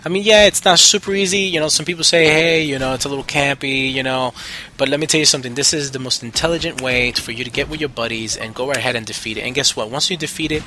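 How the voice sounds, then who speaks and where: Male gaming host, bright and forceful, chatty rambling voice-over with lots of restarts, faint noise under it. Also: medium pitch, fast talker. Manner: rambling, enthusiastic, many fillers and restarts. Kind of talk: gameplay commentary voice-over.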